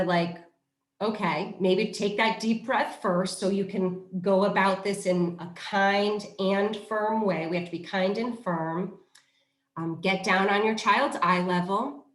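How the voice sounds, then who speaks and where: A middle-aged woman, a positive discipline trainer, giving casual parenting advice in an animated way. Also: mid-range voice. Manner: animated storyteller who acts out quoted voices. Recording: roomy echo.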